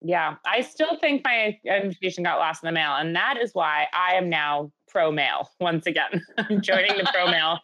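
A woman co-hosting a podcast, chatting casually and trading deadpan, sarcastic jokes. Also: on the low side, moderate pace, no room sound, muffled recording. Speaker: podcast co-host. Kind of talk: casual comedic chat.

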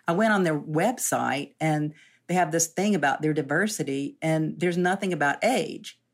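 A woman's voice: low-pitched, moderate pace. A woman in her sixties telling her story casually as an interview guest, chatty and self-deprecating, often laughing.

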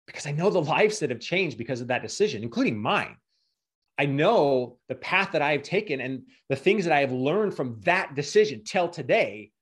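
A man's voice: a little high, expressive, a little fast, husky. A middle-aged man giving an earnest, emotional motivational talk as a guest speaker.

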